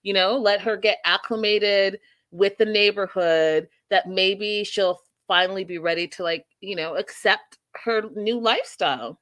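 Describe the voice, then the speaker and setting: Bright, animated woman hosting a recap. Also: medium pitch, measured pace. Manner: animated, acts out quotes in put-on voices, laughs often. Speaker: host. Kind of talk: casual reality TV recap chat.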